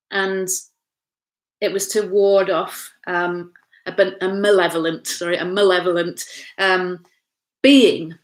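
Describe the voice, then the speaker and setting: A woman from England, a pastor leading an informal Bible study from home, chatty, with frequent tag questions, fillers and restarts. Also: on the low side.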